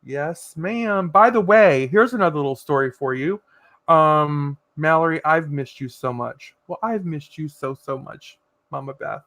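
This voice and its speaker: A man's voice: on the high side, measured pace, no echo. A man hosting a casual livestream, reading out viewers' comments and giving sassy, profane pep talks. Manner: lively, swings between loud and soft. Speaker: livestream host.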